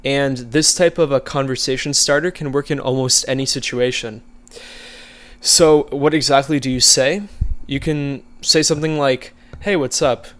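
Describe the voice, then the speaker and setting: A man coaching viewers in a casual, conversational way, relaxed and easygoing, with frequent fillers. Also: medium pitch, moderate pace. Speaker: social skills coach. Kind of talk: casual instructional talk.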